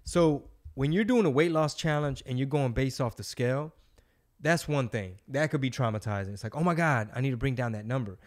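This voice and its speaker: A man's voice: medium pitch, a little fast, a little mellow. A man, hosting a casual podcast and telling stories in loose, slangy, profane talk. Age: 40s. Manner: loose storytelling, slangy, swears freely. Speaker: podcast host.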